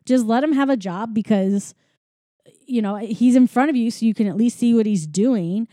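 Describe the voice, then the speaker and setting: Mellow-voiced woman casually recapping a film. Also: a little high, moderate pace, dry recording, studio quality. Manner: rambling, filler-heavy storytelling.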